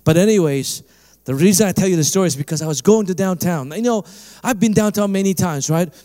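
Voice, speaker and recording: A middle-aged man preaching a sermon as a pastor, telling a story in an animated way and acting out the voices in it. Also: fast. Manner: animated storytelling, acts out dialogue with big pitch jumps.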